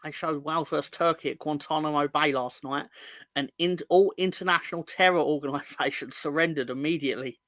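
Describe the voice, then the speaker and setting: A man's voice: on the high side, steady tone, brisk, fairly bright tone, no room sound. A man with a London accent co-hosting a casual football podcast, rambling and joking as he reads out viewer comments. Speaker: podcast co-host.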